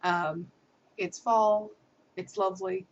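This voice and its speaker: A woman's voice: on the low side, fairly even intonation, slow. A young American woman giving a casual video diary update, talking in a chatty, upbeat way with frequent ums and little laughs. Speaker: vlogger. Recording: muffled lo-fi camera audio.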